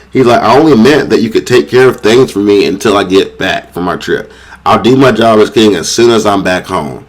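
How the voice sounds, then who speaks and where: A young man with a fairly low voice talks through a manga chapter in a loose, rambling recap. He leans on "you know" and "um" and acts out the characters' lines along the way. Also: normal speed. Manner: retells scenes by voicing characters' lines. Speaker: manga review channel host.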